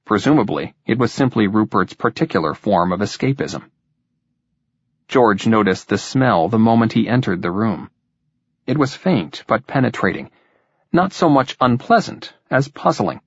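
Low husky male audiobook narrator. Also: dry recording. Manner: measured, even storytelling. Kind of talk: scripted narration. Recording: dull, dry lo-fi recording.

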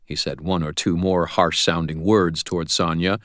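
A man's voice: deep voice, steady tone, moderate pace, fairly bright tone, no echo. A man reading a first-person audiobook narration in a wry, dry storytelling manner.

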